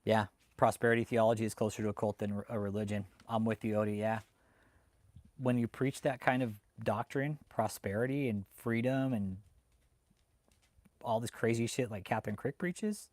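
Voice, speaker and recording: A man hosting a livestream who rants heatedly, swears often and bursts out loudly as he talks to his chat. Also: on the low side, normal speed, dry recording. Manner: heated and swearing, with loud outbursts. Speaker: livestream host reading chat. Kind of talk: profane ranting live commentary.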